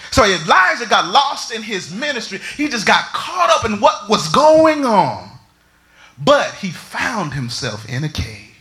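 A man preaching a sermon, swinging between shouts and near whispers. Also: sits high, huge pitch swings, measured pace. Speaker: pastor.

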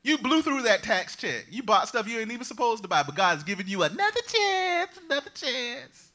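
A man preaching a lively sermon as pastor, swinging from loud proclamations to quiet, joking asides. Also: very high voice, moderate pace. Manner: humorous, conversational asides.

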